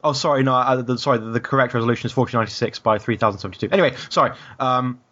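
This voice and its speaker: A man from the UK chatting casually as a podcast co-host, at a mid pitch, rambling through ums and restarts. The audio is dull and lo-fi. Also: very fast, pushed and bright. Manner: rambling, many fillers and restarts.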